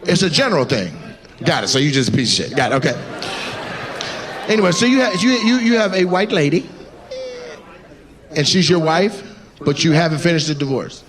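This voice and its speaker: A man's voice: a little high, very animated, a little fast, long pauses. A male stand-up comedian doing crowd work, teasing audience members in a brash, profane way. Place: live comedy venue with audience. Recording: live show with crowd and noise.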